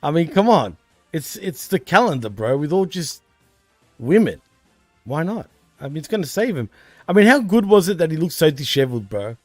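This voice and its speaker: His voice sits on the high side with big swings in pitch, delivered at a moderate pace. He's an Australian co-host of a wrestling podcast, chatting in a relaxed way and using "bro" and "dude," with no room sound and soft background music.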